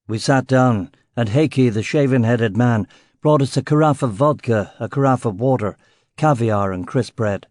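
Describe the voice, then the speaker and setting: A man narrates a first-person crime novel in a steady, even reading. His voice sits at an ordinary mid pitch. The studio recording is dry and close. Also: moderate pace, no room sound. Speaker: audiobook narrator.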